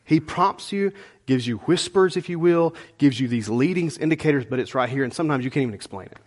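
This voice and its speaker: A middle-aged man preaching a sermon as pastor, conversational and animated, with folksy asides to the congregation. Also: a little high, quick pace.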